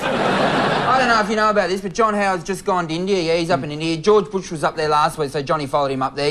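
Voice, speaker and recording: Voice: medium pitch, animated, normal speed. An Australian comedian doing a rambling, self-mocking rant on a comedy show. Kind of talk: stand-up rant. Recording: loud audience and noise.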